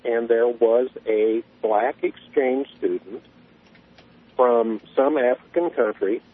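A man's voice: mid-range voice, breathy edge. Man telling a story by phone. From Southern US. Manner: folksy, unhurried storyteller. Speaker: caller. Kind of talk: radio call-in storytelling. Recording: tinny phone line.

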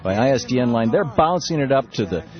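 A man hosting a political talk radio show from a studio, speaking in an animated, indignant way with many restarts. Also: mid-range voice, quick pace, soft background music. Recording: dull, slightly lo-fi radio broadcast.

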